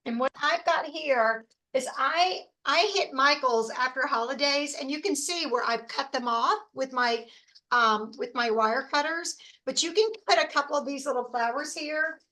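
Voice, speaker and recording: A woman talks through a casual how-to presentation in a high, bright voice. She is chatty and enthusiastic and drifts into rambling asides. Her voice is a little hoarse from talking so much. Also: normal speed. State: losing her voice. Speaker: host.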